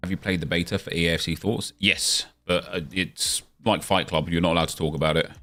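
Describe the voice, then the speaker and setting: A man's voice: low voice, fairly even intonation, fairly quick, pushed and bright, faint music behind. A young man chatting casually on a live stream, answering viewer questions as he plays a football game.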